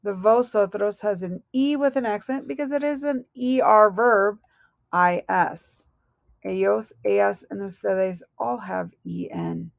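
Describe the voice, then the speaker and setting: A woman explains verb conjugations at an unhurried, deliberate pace, her voice carrying a gravelly edge. She spells out each ending letter by letter with patient, steady care. The recording is dry and close, with no room echo. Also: mid-range voice. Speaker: Spanish teacher. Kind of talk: recorded classroom lesson.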